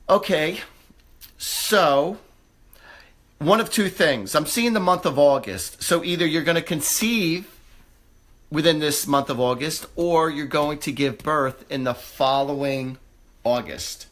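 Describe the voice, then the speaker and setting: A man hosting a live psychic reading, who talks in a halting, searching way with many fillers and restarts, then turns upbeat and reassuring. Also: on the high side, lively intonation, a bit bright. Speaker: psychic medium host.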